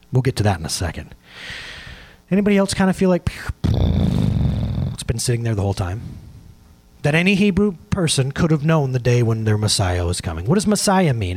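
A man preaching a sermon to his congregation, emphatic and animated, asking for slides as he goes. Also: mid-range voice, slightly rough. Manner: asks for slides during the talk. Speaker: pastor.

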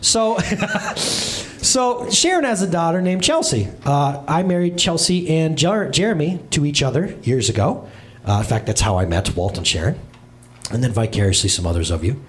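High, lively-voiced man preaching with humor. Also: a little hiss or hum. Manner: animated storytelling with comic voices and quick asides. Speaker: pastor. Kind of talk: humorous sermon.

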